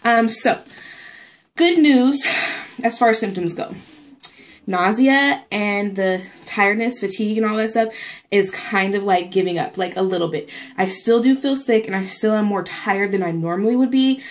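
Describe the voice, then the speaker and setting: A woman's voice: mid-range voice, normal speed. A young woman talks through a casual vlog update in a loose, rambling way, full of fillers. She sounds a little out of breath as she chats. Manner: chatty, rambling, lots of fillers and likes. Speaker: pregnancy vlogger.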